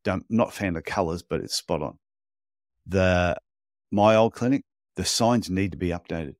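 A chatty man co-hosting a podcast, telling stories in a blunt, animated way. His voice sits low. The sound is dry and close. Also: no echo. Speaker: podcast co-host, podiatry business coach. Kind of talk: casual podcast chat.

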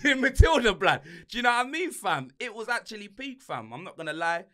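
Animated high-voiced man ranting. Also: brisk, hardly any pauses. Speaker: podcast co-host. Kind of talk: casual banter podcast.

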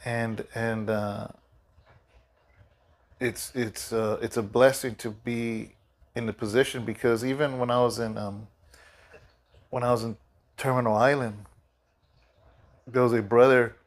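A man's voice: mid-range voice, level tone, a little slow, long pauses. A middle-aged man, a pastor, giving a casual devotional talk in a loose, rambling way with many fillers and restarts, sleepy and yawning.

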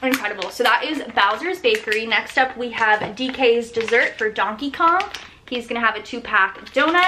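A woman in her thirties shows off products in a casual vlog. Her voice is bright and a little high, and she gushes with enthusiasm, often trailing into soft, breathy murmurs. A faint noise sits behind her. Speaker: small business owner showing products.

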